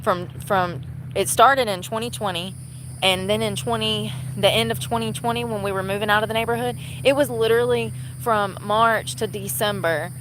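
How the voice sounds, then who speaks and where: A woman's voice: medium pitch, steady tone, moderate pace. A young woman from North Carolina, rambling casually to her phone camera for a vlog. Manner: chatty, rambling, laughs often. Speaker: vlogger. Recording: outdoor noise with boat and water sounds.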